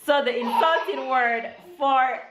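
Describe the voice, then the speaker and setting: A woman's voice: high voice, slow, very noisy. A woman with a Jamaican accent chatting casually to her vlog audience from home, upbeat and motivating, laughing often. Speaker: vlogger and mother. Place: indoors at home. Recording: roomy echo.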